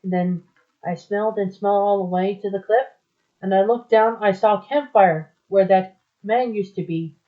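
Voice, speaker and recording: A woman retelling a story aloud in a rambling, halting way, with many restarts. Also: medium pitch, fairly even intonation. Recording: dull lo-fi recording.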